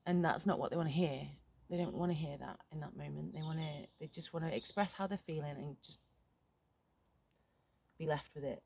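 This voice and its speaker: Low gravelly-voiced middle-aged woman vlogging. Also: steady tone, darkish tone. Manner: frank, halting, swears casually. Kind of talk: candid reflective vlog. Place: outdoors in a garden.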